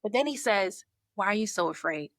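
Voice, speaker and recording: A woman, a podcast guest and marketing coach, telling her story in a lively way and acting out her own thoughts. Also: medium pitch, fairly quick, no echo, clean studio sound. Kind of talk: conversational storytelling.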